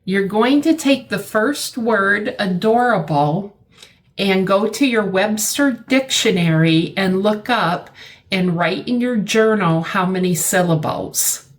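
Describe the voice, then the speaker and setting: A middle-aged woman teaching a vocabulary lesson, slow and deliberate, repeating words for her learners. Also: mid-range voice, expressive.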